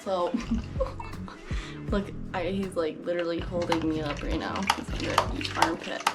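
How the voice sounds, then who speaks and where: Woman, slow-talking, chatty pet vlogger, cooing to her pet, music underneath. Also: on the low side, steady tone. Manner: chatty, lots of fillers, coos baby talk at her pet. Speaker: exotic pet keeper. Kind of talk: casual pet care vlog. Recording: background music.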